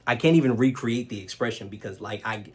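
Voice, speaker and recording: Man, casual storytelling vlog, mid-pitched voice, conversational, lots of uhs, swears freely. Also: fast. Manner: loose and conversational, many fillers, swears freely. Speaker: vlogger.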